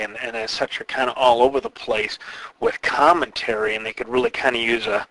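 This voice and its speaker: Man, podcast host, rambling, opinionated, bright tone, dry close sound. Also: medium pitch, gravelly, no echo, rough recording. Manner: rambling, opinionated, many fillers. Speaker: podcast host, wrestling promoter. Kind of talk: casual podcast commentary.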